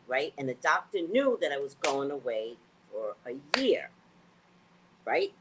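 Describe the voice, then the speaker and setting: A woman's voice: low voice, moderate pace, slight background noise. A woman vlogger telling a story in a casual, profane rant, acting out the people she quotes. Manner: animated, profane, acts out quotes.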